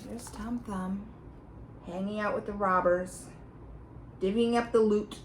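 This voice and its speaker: A woman reading a storybook aloud to a child, animated and pointing out the pictures as she goes. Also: medium pitch, a little slow, slight background noise, poor audio.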